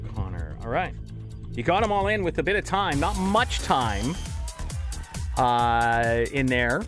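A man's voice: mid-range voice, big pitch swings, a little slow, music in the background. A man hosting a radio morning show from a studio microphone, chatty and reacting with mock outrage as he reads texts and runs a quiz. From Canada. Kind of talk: casual radio chat.

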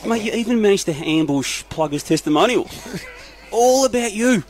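A man's voice: sits high, animated, moderate pace, soft background music. A man with an Australian accent on a radio footy panel, mock-roasting a colleague and laughing through his lines into a studio mic. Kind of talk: teasing studio banter. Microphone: studio microphone.

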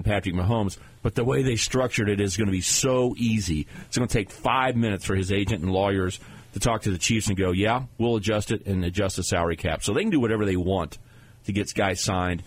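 A man co-hosting a sports radio show, breaking down games in a steady, analytical way. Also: lowish voice, fairly quick, slightly rough, no room sound, rough recording. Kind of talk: casual sports talk.

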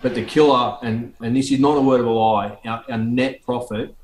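A man's voice: mid-range voice, fairly even intonation, normal speed, a little mellow, slight background noise. A man with an Australian accent who owns an auto repair shop speaks frankly and earthily as an interview guest, with many restarts. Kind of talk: candid interview conversation. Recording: echoey room.

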